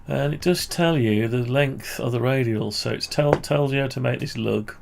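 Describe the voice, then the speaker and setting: In a casual screen-share, a man from the UK walks through his ham radio antenna build, musing aloud and fixing his own slips. His voice is medium in pitch and creaky, at a normal speed, with background noise in the recording.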